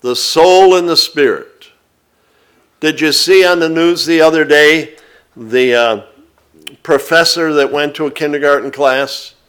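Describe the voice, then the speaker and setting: A man preaching a sermon, reading scripture aloud and explaining it to his congregation in a slow, deliberate manner. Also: fairly high pitch, fairly bright tone, clear, resonant tone.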